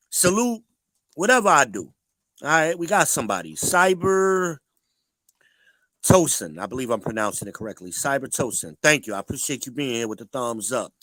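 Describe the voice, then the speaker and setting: A man's voice: mid-range voice, bright, forceful tone, no room sound, rough recording. A man hosting a casual livestream, talking bluntly and preachily to the viewers in the chat. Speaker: livestream host.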